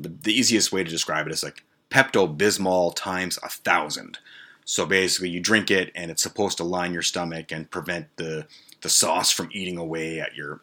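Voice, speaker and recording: Low-voiced man telling a story, forceful. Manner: profane, rambling asides. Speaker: podcast host. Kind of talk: casual storytelling monologue.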